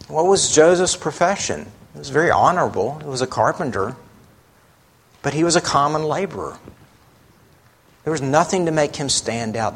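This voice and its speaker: A man preaching a sermon, slow and emphatic, asking rhetorical questions of his listeners. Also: mid-range voice, a bit bright.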